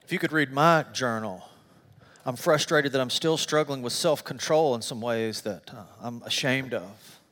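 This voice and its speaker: A middle-aged man, a pastor, preaching a sermon and telling stories with animated, self-deprecating humor. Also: mid-range voice, normal speed, big-room sound. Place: church sanctuary.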